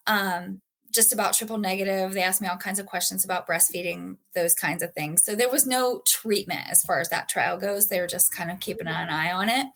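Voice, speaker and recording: A woman's voice: mid-range voice, a bit bright. A woman guest on a podcast interview, telling her own story in an earnest, emotional way with frequent fillers. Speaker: patient guest.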